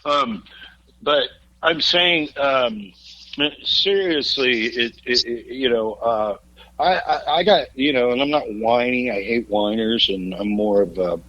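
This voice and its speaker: This male rock vocalist in his fifties laughs and swears his way through wild touring anecdotes as a podcast guest, joking in casual conversation. His medium-pitched voice is bright and forceful, he takes his time, and the audio is dull.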